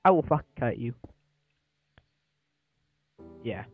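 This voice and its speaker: A man's voice: mid-range voice, animated, very fast, slightly rough, no room sound, phone-quality sound, soft background music. A man swearing and trash-talking his friend in casual banter while playing a game together. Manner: swears a lot, playful trash talk. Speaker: let's play gamer.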